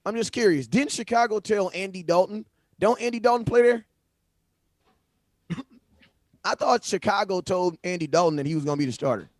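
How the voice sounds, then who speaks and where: A man hosting a live stream from home, talking sports in loose, animated slang. His voice sits a bit high, and he repeats phrases as he reacts. The sound is dry and close. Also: moderate pace, pauses often, dry recording. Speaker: livestream host. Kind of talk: casual sports commentary. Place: home livestream setup. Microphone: phone.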